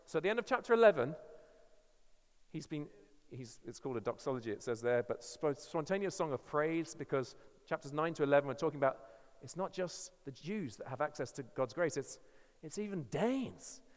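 English man, earnest emphatic sermon, high voice, long church reverb. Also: expressive, normal speed. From England. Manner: earnest and emphatic, with frequent restarts. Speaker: guest preacher.

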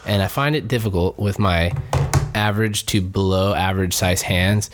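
A man's voice: low voice, normal speed, noisy background. A young man co-hosting a casual podcast chat, rambling with lots of fillers and swearing. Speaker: podcast co-host.

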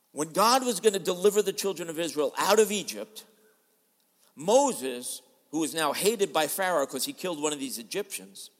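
A man preaching a sermon in a dramatic style, switching between loud and soft as he acts out quoted voices. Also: on the high side, long reverb tail. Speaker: pastor. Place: large church hall.

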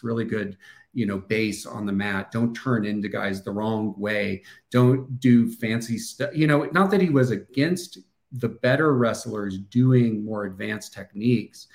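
A middle-aged man with a Midwestern American accent, talking casually as an interview guest, thoughtful and halting, with restarts and fillers. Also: mid-range voice, darkish tone. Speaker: podcast guest, former wrestler.

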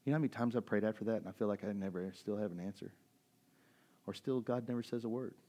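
Low-voiced pastor telling his testimony. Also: fast talker, mellow. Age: 40s. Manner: storytelling, conversational, many fillers and restarts. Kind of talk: sermon with personal testimony.

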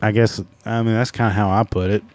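A man hosts his own podcast alone and rants in a loose, profane way, mocking his listeners and himself. His voice sits low and sounds mellow rather than bright. The recording is dry, with little room sound. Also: level tone, a little fast, dry recording. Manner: profane, sarcastic, self-mocking. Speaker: podcast host. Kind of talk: casual solo podcast rant.

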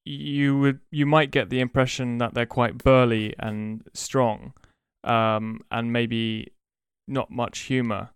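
A man co-hosting a podcast in casual chat, talking slowly and deliberately with many pauses and ums as he explains. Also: mid-range voice, little pitch movement, clear, resonant tone, no room sound, clean studio sound. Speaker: podcast co-host.

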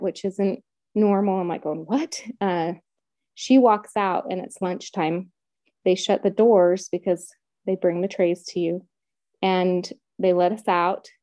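A woman's voice: mid-range voice, dark tone, no echo. A middle-aged woman telling her own story in casual conversation, retelling events vividly and acting out quotes.

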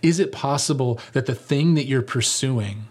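A man preaching a sermon as pastor, animated and jokey, acting out the lines he quotes. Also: mid-range voice, moderate pace.

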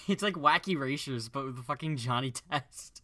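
A young adult co-hosting a casual podcast with friends, bantering fast, swearing often and laughing. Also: medium pitch, bright, forceful tone. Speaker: podcast co-host. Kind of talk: casual chat.

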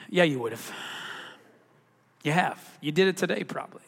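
A man's voice: on the high side, lively intonation, moderate pace, vocal fry, long pauses, a bit bright, husky, in a large hall. A man preaching a sermon to a congregation, talking through scripture in a conversational way and asking the listeners rhetorical questions. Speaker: pastor.

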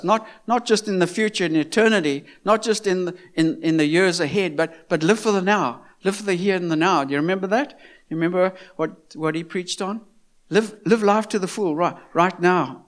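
A man's voice: high voice, a bit bright. A man delivers a sermon. He speaks earnestly, circles back to repeat his points, and throws rhetorical questions at his listeners. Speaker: preacher.

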